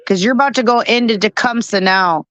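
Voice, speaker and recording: A woman's voice: a little high, a little fast, a bit bright, no echo, highs cut off. A woman hosting a storm-chase livestream, chatting casually and explaining things step by step. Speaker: stream host.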